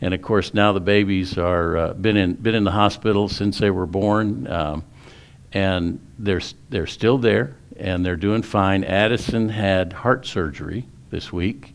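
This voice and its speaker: A man's voice: lowish voice, vocal fry. A male pastor preaching a sermon in a folksy storytelling way, often restarting his sentences.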